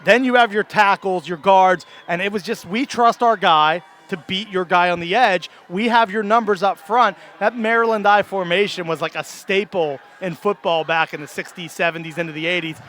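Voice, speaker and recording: Male color analyst, high-pitched and eager, explains formations, light outdoor ambience. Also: normal speed, few pauses, fairly bright tone, slight background noise. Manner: enthusiastic, explains formations, chuckles easily. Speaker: color commentator. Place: outdoor high school football stadium.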